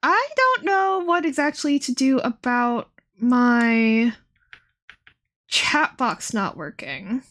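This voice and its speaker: A woman's voice: fairly high pitch, animated, slow pace, fairly bright tone. A woman in her twenties chatting casually on a livestream, talking with her mouth held nearly closed because her lips are sore and blistered, in a rambling way full of fillers. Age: 20s. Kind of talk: casual chat stream.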